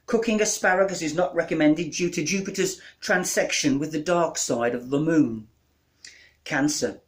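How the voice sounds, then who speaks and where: A man performing comic verse and spoken word, with deadpan delivery that rattles off long lists. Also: on the high side. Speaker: comic poet.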